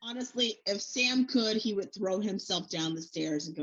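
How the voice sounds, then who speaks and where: A woman guest co-host chats casually about the episodes in a husky, slightly breathy voice. She talks emphatically and plays out her own reactions as little quotes. Her line sounds dull and lo-fi. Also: medium pitch, normal speed, a bit bright. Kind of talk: casual recap chat.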